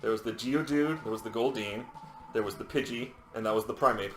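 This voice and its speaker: A man's voice: fairly low pitch, fairly quick, a bit bright, echoey room, soft background music. A man co-hosting a let's play, chatting casually and jokingly about the game and game design. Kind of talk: casual gameplay commentary.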